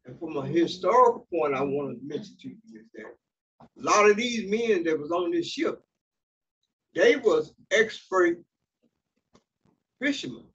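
This pastor's voice is high-pitched and a bit bright, swinging widely in pitch at a measured pace with long pauses. He preaches in a church sanctuary, reading scripture aloud and frequently explaining it, with fillers and restarts. The recording is distant and dull, with faint hiss.

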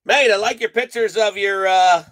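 A man's voice: high voice, moderate pace, a bit bright. A man hosting a live card break stream, chatting casually, reading off names and teasing his viewers.

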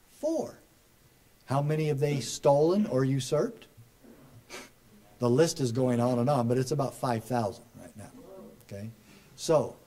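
A middle-aged man giving a rally speech, folksy and joking, building to loud emphatic punchlines. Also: medium pitch. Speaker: speaker at a political rally. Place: rally crowd, live address.

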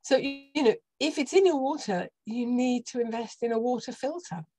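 A woman's voice: on the high side, fairly quick, mellow. British woman doctor explaining on a podcast. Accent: British English. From United Kingdom. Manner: explanatory, with dry sarcasm. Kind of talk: podcast interview.

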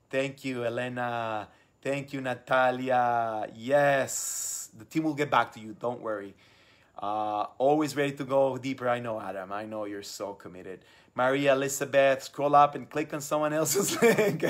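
A young adult man hosting a live stream, reading out viewer comments and talking with effusive, enthusiastic warmth. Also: mid-range voice. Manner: enthusiastic, effusive, repeats words. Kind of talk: casual live stream talk.

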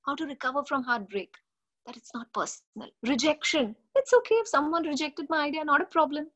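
A middle-aged woman speaks in a fairly high voice. She is a mindfulness coach giving a webinar talk on parenting. She tells stories with animated expression and acts out the quotes. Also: a little fast.

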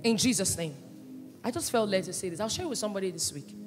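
A woman pastor preaching a sermon with passion, swinging between loud cries and hushed asides. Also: mid-range voice, expressive, fast talker. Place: church hall. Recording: echoey church hall, with faint music.

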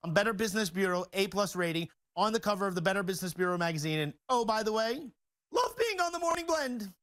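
A man with a high, bright-pitched voice delivers a jokey, boastful sales pitch at a rapid clip. He speaks as a store owner guest on a talk show and keeps up the salesman's energy, with loud, punchy emphasis. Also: very animated.

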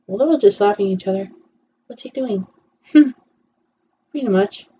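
A woman's voice: medium pitch, moderate pace, mellow, highs cut off, a little hiss or hum. A woman casually commenting while she watches a film, often murmuring agreement between her remarks. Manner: chatty, with frequent murmured agreements. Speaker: viewer reacting to a film.

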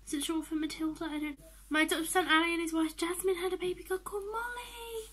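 A young woman giving chatty, excitable commentary while playing a life-sim game, often dropping into whispers. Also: extremely high pitch, fast. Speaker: gaming vlogger.

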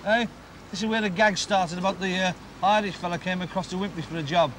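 Performing in a working men's club, this Liverpudlian comic talks fast in a steady, high-sitting voice with a fairly bright tone. He's brash and bantering, trading chat with the audience, while the echoey hall carries background noise.

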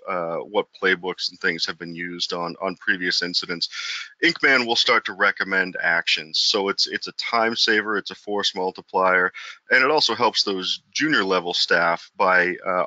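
A man presenting a software demo over slides in a webinar, with a hesitant delivery full of fillers. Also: sits low, no room sound. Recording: dry, dull lo-fi webinar audio.

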